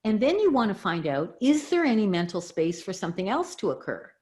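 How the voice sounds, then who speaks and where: A woman's voice: mid-range voice, fairly quick. A middle-aged woman, a communication expert, explaining her ideas as a guest in an interview and walking through examples. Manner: animated, teaching with examples.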